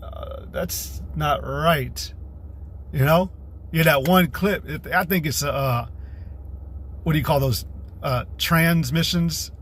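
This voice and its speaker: A man's voice: on the high side, a little slow, pauses often, a bit bright, a little hiss or hum. A man hosting a livestream, giving a combative, profane religious rant in a rambling way. He reads scripture aloud between scornful outbursts and curses freely. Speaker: livestream host.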